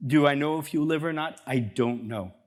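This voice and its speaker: A man speaking as a chiropractor at a seminar, talking to a live audience in an energetic, conversational way and acting out bits of dialogue. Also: on the high side, moderate pace. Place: seminar room before an audience.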